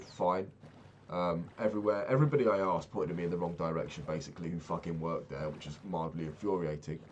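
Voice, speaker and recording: This young male vlogger, whose voice sits low, rambles through a profane travel tale in a casual, animated way. A faint hiss or hum runs under the audio.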